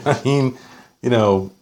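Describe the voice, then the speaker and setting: A man's voice: mid-range voice, a little mellow. A man reading an article aloud and arguing with it point by point, sarcastic, often tagging his points with "okay?". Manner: sarcastic asides. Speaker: political commentator.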